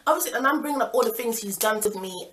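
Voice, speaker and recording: A young woman tells a casual storytime vlog in a chatty, animated way, now and then jumping into loud outbursts. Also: fairly high pitch, quick pace, a little hiss or hum. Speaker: vlogger.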